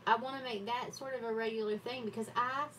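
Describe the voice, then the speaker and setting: A woman's voice: fairly high pitch, fairly even intonation, fast talker, pushed and bright, distant mic, a little hiss or hum, rough recording. A woman hosting a live stream from her home desk, chatting casually and laughing often at herself. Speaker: livestream host. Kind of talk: casual chat while journaling.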